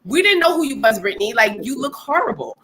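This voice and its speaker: A woman co-hosting a casual gossip chat, blunt and animated, often acting out quotes. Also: quick pace, slight background noise. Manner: animated, blunt, acts out quotes in high voices. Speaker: co-host.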